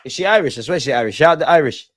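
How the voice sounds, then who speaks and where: A young man hosting a live football watch-along, excitable and slangy, shouting out his viewers. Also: fairly high pitch, racing, slight background noise. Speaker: fan channel host.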